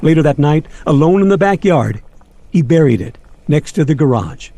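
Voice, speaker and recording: A man narrates a holiday story in a wry, florid, nostalgic way. His voice is gravelly and mellow, and his delivery swings widely in pitch. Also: animated, normal speed, no room sound.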